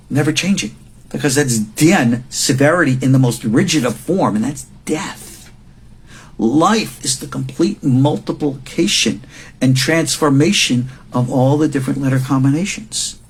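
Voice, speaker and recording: A man in his sixties teaching a recorded lecture as a rabbi, emphatic and repeating words for stress, with a husky voice. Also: medium pitch, unhurried. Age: 60s.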